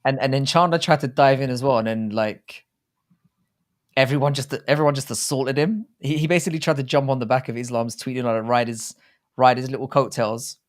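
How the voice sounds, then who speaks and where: A British man talks in loose, rambling banter as co-host of a casual livestream. His voice sits at a middling pitch, and he chats easily with his partner. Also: fairly even intonation, a little fast. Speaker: podcast co-host.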